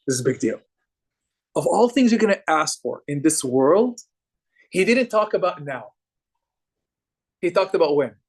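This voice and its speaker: Animated young man teaching a halaqa. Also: a little high. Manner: animated, asks the audience questions and repeats phrases for emphasis. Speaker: religious teacher. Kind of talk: halaqa lecture to a live group.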